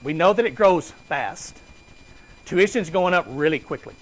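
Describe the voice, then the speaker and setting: A man's voice: fairly high pitch, lively intonation, a little slow, rough recording. A man giving a conversational finance lecture to a class, asking students questions and joking with them.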